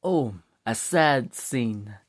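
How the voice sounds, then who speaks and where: A man telling a story in a loose, casual way. He stays animated and acts out each scene as he goes, in a mid-pitched voice. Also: very slow. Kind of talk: casual spoken story retelling.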